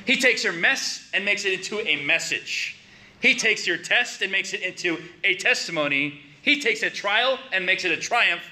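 Male preacher, bright and higher-pitched, conversational sermon delivery with emphatic rises. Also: lively intonation, moderate pace. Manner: conversational, rising to emphatic questions.

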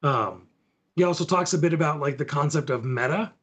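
His voice is a little high, a bit bright and husky, and he talks a touch fast. He's a podcast co-host taking listeners through gaming content step by step in an easygoing, casual tabletop conversation.

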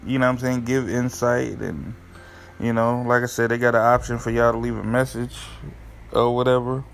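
Man, podcast host, gravelly, casual and profane, rambling talk, faint music. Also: mid-range voice, pushed and bright. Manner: loose, profane, rambling with many fillers. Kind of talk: casual solo podcast monologue.

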